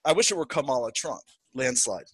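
A man co-hosting a podcast, chatting casually and with strong opinions about politics, often slipping into quick impressions of the people he talks about. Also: medium pitch, slightly rough, dry recording. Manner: opinionated, animated, quotes people in put-on voices. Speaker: podcast co-host.

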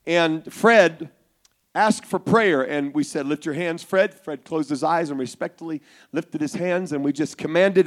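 A man preaching a Pentecostal sermon to young people, telling a story and building to shouted fervor. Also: on the high side, unhurried.

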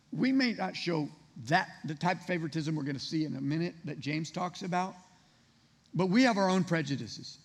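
A man preaching a conversational sermon, firing rhetorical questions at his congregation. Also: high voice. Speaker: pastor. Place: church sanctuary. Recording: reverberant hall.

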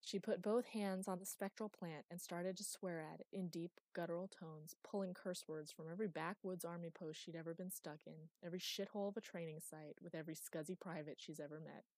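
A woman narrating an audiobook in a steady, wry storytelling manner. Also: on the low side, fairly quick, few pauses, no room sound. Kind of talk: scripted narration.

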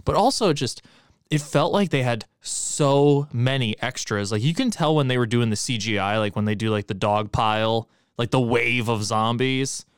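Smooth-voiced man casually co-hosting a podcast. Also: medium pitch, normal speed, dry recording, clean studio sound. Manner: relaxed, joking, laughs easily. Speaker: podcast co-host. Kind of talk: casual movie-review chat.

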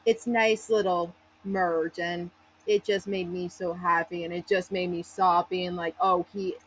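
A woman's voice: lowish voice, flat delivery, unhurried, a little hiss or hum, rough recording. A woman guest on a fan podcast, gushing and emotional, laughing between phrases. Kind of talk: casual fan podcast chat.

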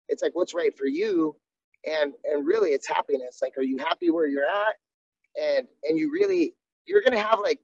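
In a casual interview, this man, a jiu-jitsu coach, speaks with a fairly high, gravelly voice, candid and earnest but often starting sentences over. The recording sounds dull and dry.

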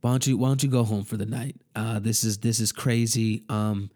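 A man voicing a flustered woman HR manager who talks haltingly, with ums and restarts, in a lower, softer voice. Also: flat delivery, close to an everyday voice.

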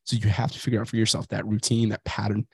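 A man's voice: on the low side, little pitch movement, quick pace, vocal fry, breathy edge, no room sound. A man in his thirties hosting a podcast, talking bluntly and profanely in a casual motivational monologue, while dealing with a migraine. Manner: blunt, profane, self-reflective. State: has a migraine. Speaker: podcast host.

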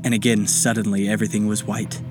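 A man narrating a children's bedtime story in a gentle, unhurried way. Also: fairly low pitch, flat delivery, music in the background.

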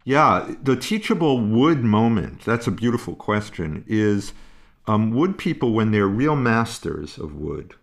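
A calm, unhurried man with a low voice and a gravelly edge. He explains his ideas in a musing way, trailing off and restarting as he thinks. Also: soft background music. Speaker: parenting expert guest. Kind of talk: conversational explanation.

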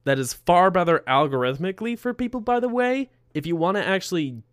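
Male co-host, animated pitch, wry explainer, dry close recording. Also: fairly quick, clear, resonant tone, no room sound. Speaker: podcast co-host. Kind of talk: casual podcast chat.

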